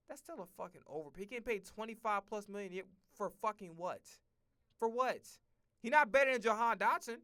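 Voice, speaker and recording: A man's voice: sits high, fairly bright tone. A man streaming a casual football rant, blunt and profane, full of slang and repeated phrases. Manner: profane, blunt, heated ranting.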